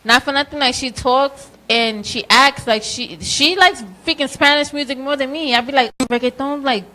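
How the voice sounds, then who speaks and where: A woman's voice: sits high, normal speed, bright, forceful tone, poor audio. A woman chatting casually on a talk show, telling stories and laughing as she goes. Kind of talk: casual chat.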